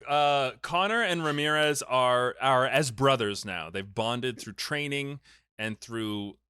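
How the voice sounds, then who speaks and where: A male podcast host recaps a film in casual, animated chat. He jokes and gets mock-angry easily. His voice is bright and forward, recorded dry and close. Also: medium pitch, takes it slowly, smooth, dry recording. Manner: animated and joking, easily worked up.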